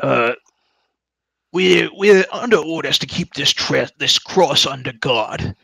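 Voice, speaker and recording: A man's voice: on the high side, lively intonation, takes it slowly, creaky, pushed and bright, breathy edge, no room sound, heavily acted. A man voicing a trio of moss-covered male bridge trolls who squabble among themselves. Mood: bickering.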